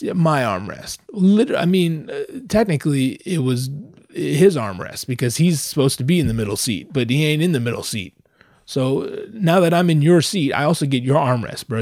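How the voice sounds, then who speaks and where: A man telling a stand-up story full of swearing, lively and animated, his voice leaping up whenever he acts out a quote. The sound is dry and close, with no room around it. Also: mid-range voice, dry recording. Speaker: comedian.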